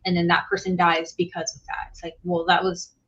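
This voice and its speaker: A woman host talks in a relaxed, conversational way. She makes her points bluntly and without fuss. The audio is a little dull and lo-fi. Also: on the low side, brisk, breathy edge. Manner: blunt, matter-of-fact commentary. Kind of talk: casual reaction chat.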